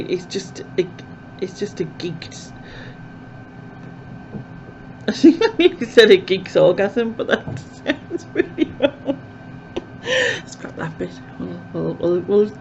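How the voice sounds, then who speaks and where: Her voice is lowish and creaky as she chats casually to camera in vlogger style, meandering with many fillers. There's slight background noise on the dull, low-fidelity recording.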